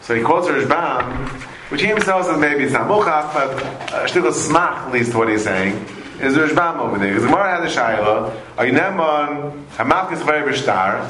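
A man's voice: mid-range voice, normal speed. Man teaching a Talmud class in an echoey room. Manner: animated, repeats phrases, weaves in Aramaic and Hebrew terms. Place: classroom with students. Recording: echoey room, faint noise.

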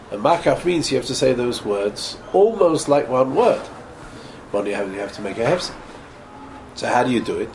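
A man teaching a Torah class, explaining point by point, stumbling and repeating words and sounding out Hebrew words slowly to model careful pronunciation. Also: medium pitch, darkish tone. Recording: noisy ambient room recording.

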